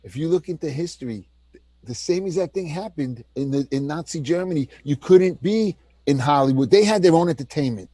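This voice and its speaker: A man co-hosting a heated political talk show, ranting with energy and mocking whoever he disagrees with. His voice sits fairly high for a man. The sound is dry and close, with no room echo. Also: animated, brisk, mellow. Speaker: co-host.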